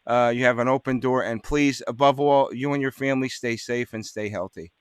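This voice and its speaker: A man's voice: mid-range voice, fairly even intonation, fairly quick, smooth, no room sound, clean studio sound. A man from New Jersey hosting a radio interview, chatty and full of fillers. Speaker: radio show host. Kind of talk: casual interview.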